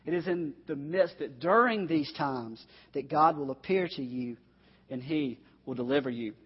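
A man's voice: on the high side, moderate pace, breathy edge. A man preaching a sermon to his congregation, earnest and direct, speaking straight to his listeners. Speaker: pastor. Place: church sanctuary. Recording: dull, echoey recording in a long-reverb hall.

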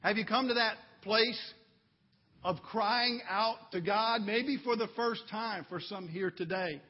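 A man with a high, husky voice preaches in a church sanctuary, earnest and unhurried. His delivery swells into fervent emphasis at key points. The recording is dull and carries a long hall reverb. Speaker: pastor. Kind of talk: sermon.

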